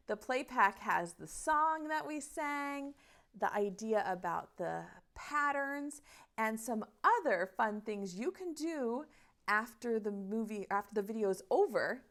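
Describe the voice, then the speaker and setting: A woman teaching online preschool circle time, chanting patterns in a slow sing-song teacher voice. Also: a little high, very animated, fairly bright tone.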